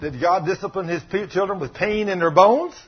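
A man's voice: high-pitched, a little fast, lo-fi sound, a little hiss or hum. A man preaching a sermon who tells stories with animation and acts out the people in them. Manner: animated storytelling, voices the people in his stories.

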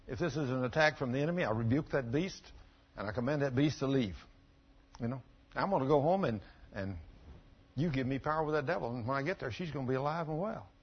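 A middle-aged man preaching a sermon, telling folksy stories and swinging from quiet asides to loud emphatic bursts. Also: medium pitch, breathy edge. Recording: dull lo-fi church recording.

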